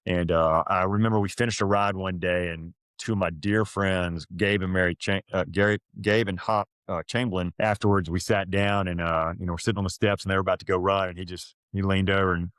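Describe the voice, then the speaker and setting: A middle-aged man from Florida with a deep, low-pitched voice tells a personal story as a podcast guest. He speaks haltingly, restarts often and gets choked up. The recording is dry, with no room sound. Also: fairly even intonation, a bit bright, clean tone, no room sound. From Florida, USA. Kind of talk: emotional storytelling.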